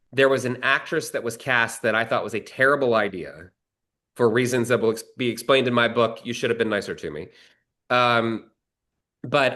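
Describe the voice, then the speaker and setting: A man's voice: medium pitch, bright, forceful tone. A male screenwriter telling a long anecdote in a casual, rambling way, with frequent restarts and some swearing. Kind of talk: conversational storytelling.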